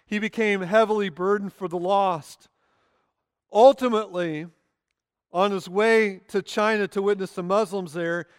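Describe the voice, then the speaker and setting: A man pastor preaching a sermon in a church, earnest, with slow emphatic pauses on key words. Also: high voice, a bit bright, clear, resonant tone, dry recording, studio quality, big-room sound. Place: church sanctuary.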